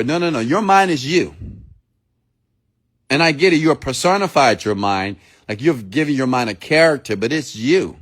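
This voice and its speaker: A man's voice: medium pitch, expressive, moderate pace. A man giving a motivational sermon-style talk, blunt and preachy, who swears freely and repeats himself for emphasis. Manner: addresses listeners directly with questions. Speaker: motivational speaker.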